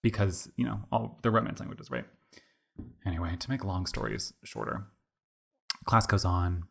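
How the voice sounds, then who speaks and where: This twenty-something podcast co-host has a low, creaky, slightly rough voice and talks at a moderate pace. Chatting casually, he tells an animated, meandering story and uses "like" constantly.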